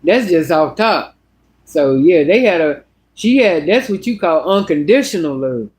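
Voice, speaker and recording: A woman's voice: lowish voice, lively intonation, unhurried, a little mellow. Blunt, profane woman telling a story. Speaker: vlogger. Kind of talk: casual storytelling monologue.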